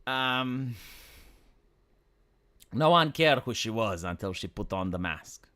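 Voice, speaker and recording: A man's voice: mid-range voice, animated, slow pace, pushed and bright. A man talking on a livestream in a rambling, profane, mocking rant.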